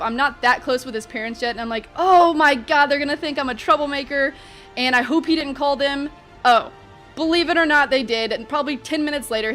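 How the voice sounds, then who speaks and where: A young woman vlogger telling a story in an animated, chatty way, full of fillers. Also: high voice. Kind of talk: storytime vlog.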